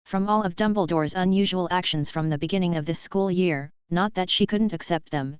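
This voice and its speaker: A woman narrating an audiobook in a steady, even reading style. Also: on the low side, smooth, no echo, dull audio.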